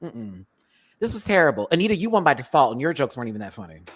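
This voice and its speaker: Brief: woman host, deep low register, sassy, talks in acted-out quotes. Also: fast talker. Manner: animated, sassy, acts out quotes. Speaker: show host. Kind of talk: casual panel chat.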